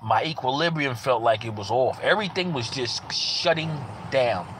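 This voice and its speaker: A man's voice: mid-range voice, expressive, moderate pace, a bit bright, a little hiss or hum. A man giving a casual personal testimony in an earnest way, repeating phrases for emphasis. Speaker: parent sharing a personal testimony.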